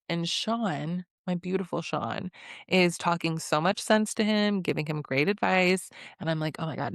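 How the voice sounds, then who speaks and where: Woman recapping reality tv, lots of laughing and acting out quotes, kinda low voice, dry close sound. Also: smooth, no room sound. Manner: chatty, laughing often, acts out quotes; sassy commentary. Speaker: recap host. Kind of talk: casual reality-show recap.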